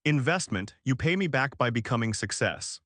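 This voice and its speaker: Brief: aging immigrant mentor read by a male narrator, plain clipped speech, dry mid-pitched voice. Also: animated, normal speed, a bit bright, no echo, lightly acted. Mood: earnest advice. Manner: clipped, broken phrasing. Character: old immigrant male mentor, firm and fatherly.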